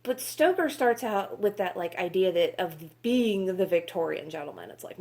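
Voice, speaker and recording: A woman's voice: fairly low pitch, expressive, normal speed, creaky, few pauses, a little mellow. Exasperated woman ranting about books. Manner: exasperated, profane, sarcastic. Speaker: book reviewer. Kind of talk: ranting vlog review.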